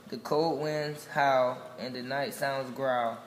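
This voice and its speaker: Man reading a kids' picture book, slow, level delivery, echoey room with long reverb. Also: medium pitch, fairly even intonation, a little hiss or hum. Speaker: storybook reader. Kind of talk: children's picture book read-aloud.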